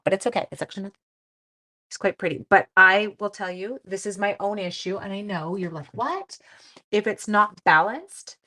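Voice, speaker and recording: Chatty gravelly-voiced woman crafting live. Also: fairly low pitch. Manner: chatty, self-deprecating, drops to quiet mutters while working. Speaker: craft livestream host. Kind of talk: casual crafting demonstration.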